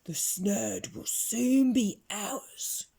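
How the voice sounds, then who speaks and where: A woman reading aloud and voicing Len, a greedy male crook in a storybook who grumbles slowly. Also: mid-range voice, gravelly, dark tone, husky, voice pushed up, exaggerated voice. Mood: scheming.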